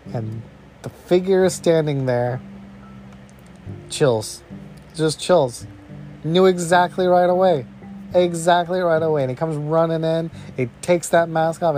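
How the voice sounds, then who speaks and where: A man hosting a podcast, giving a casual, excited movie review, rambling with lots of "bro" and "you know". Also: on the high side. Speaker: podcast host reviewing a film.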